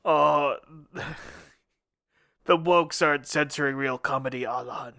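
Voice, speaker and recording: A man's voice: a little high, unhurried, gravelly, bright, forceful tone, full character voice. A man voicing Watto, a whiny, tired male alien junk dealer, in a comedic podcast impression. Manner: whining, keeps repeating a friend's name.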